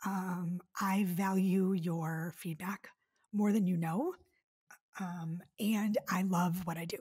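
A woman's voice: fairly low pitch, steady tone, slow, darkish tone, breathy edge. A woman in her forties from the Detroit area hosting her own podcast, chatty and effusive, with lots of fillers. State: tearful. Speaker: podcast host. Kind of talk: casual solo podcast monologue.

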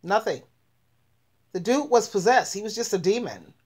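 A woman hosting a casual online chat, telling stories in an animated way and speaking straight to her viewers. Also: mid-range voice, moderate pace, husky. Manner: animated storytelling, addressing viewers directly. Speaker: host.

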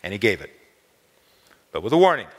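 A man preaching a storytelling sermon in a college chapel, voice lifting on key words. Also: fairly quick. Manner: expressive, lifts pitch on key words. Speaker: chapel speaker. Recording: long hall reverb.

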